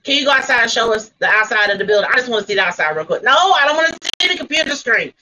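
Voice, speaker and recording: A woman runs a livestream panel and keeps pressing a guest with blunt, profane demands. Her voice sits high and sounds bright and sharp. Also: lively intonation, racing, a little hiss or hum, low-quality recording. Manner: confrontational, swearing, repeating demands. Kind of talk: heated livestream argument.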